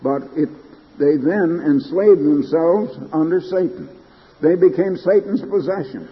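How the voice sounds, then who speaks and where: A man's voice: a little high, measured pace, in a large hall, dull audio. An older man preaching an emphatic broadcast sermon, his delivery rising to fervent peaks.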